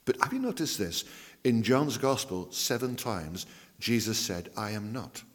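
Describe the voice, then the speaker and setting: A man preaches in a lowish voice, stretching key phrases for emphasis and sinking to near-whispers. His words ring out with a long reverb, as in a church hall. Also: expressive. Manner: emphatic, drawn-out phrasing with dramatic drops to a hush. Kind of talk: sermon.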